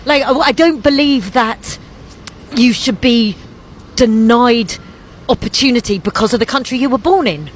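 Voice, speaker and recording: A woman's voice: mid-range voice, a little hiss or hum. A woman answering interview questions casually, earnest and questioning.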